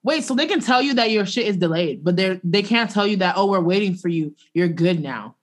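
A woman's voice: medium pitch, lively intonation, a little fast. A young woman in her twenties chatting with friends, firing incredulous, slangy questions. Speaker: listener asking questions. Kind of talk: casual chat with friends.

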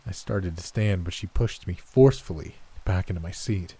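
A man reading a horror story aloud in a slow, tense, dramatic way. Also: sits low, dark tone, slightly rough, no room sound. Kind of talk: scripted narration.

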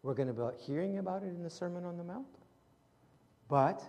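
Man, pastor, sermon, animated storytelling, high voice, long hall echo. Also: a little fast. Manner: animated, acts out Bible scenes with shifting voices.

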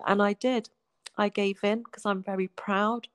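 A woman's voice: mid-range voice, fairly even intonation, measured pace, no room sound. Heartfelt woman in her forties. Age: 40s. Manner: heartfelt, often dropping to a soft hush. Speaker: guest sharing her life story. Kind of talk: emotional personal storytelling.

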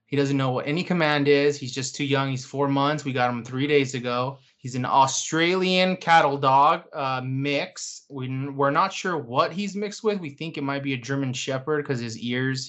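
This young podcast co-host has a medium-pitched, fairly bright voice and talks at normal speed with few pauses. The chat is casual, and he's easygoing and talkative, peppering it with many "um"s and fillers.

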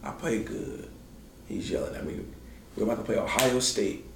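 A man's voice: normal speed, vocal fry. A man, a former college basketball player, casually telling stories in laid-back slang and acting out quotes with big jumps in his voice. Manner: animated, acts out quotes with big pitch jumps. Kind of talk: casual storytelling. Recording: roomy sound with faint noise.

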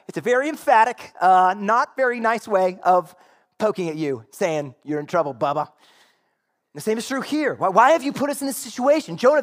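A man preaching a sermon in a conversational way, acting out quotes and asking the congregation rhetorical questions. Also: fairly high pitch. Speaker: pastor.

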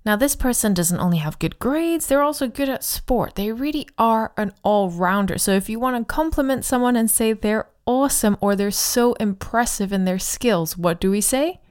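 A woman's voice: on the high side, animated, darkish tone, clean tone. Woman teaching Chinese on a podcast. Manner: friendly, explanatory, models Chinese phrases slowly. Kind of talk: podcast language lesson.

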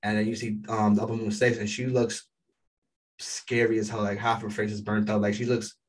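A man giving a casual, rambling recap of an anime episode, excitable and full of fillers. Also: on the low side, brisk, far from the mic, rough recording.

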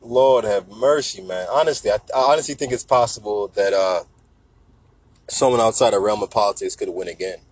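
A man's voice: fairly low pitch, fairly quick, no room sound, poor audio. A man in a casual, profane, joking rant who keeps slipping into mock voices. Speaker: vlogger.

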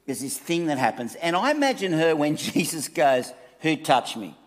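A man giving a conversational sermon, reading scripture and telling stories with lively asides. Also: on the high side, moderate pace. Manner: conversational, animated storytelling with asides. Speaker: preacher. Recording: long reverb of a hall.

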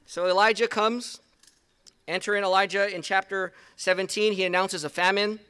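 A man preaching a sermon at an outdoor service, retelling stories in a conversational, animated way. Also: high voice, moderate pace, clean tone. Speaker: pastor.

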